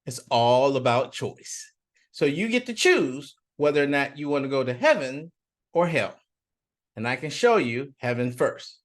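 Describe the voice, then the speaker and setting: A man voicing a calm, godlike male being who speaks in a slow, lowered, unhurried voice while telling a parable.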